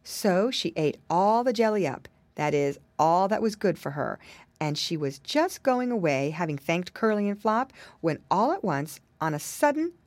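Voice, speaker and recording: A woman narrating a children's storybook as an audiobook, expressive and animated. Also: lowish voice, normal speed, no room sound.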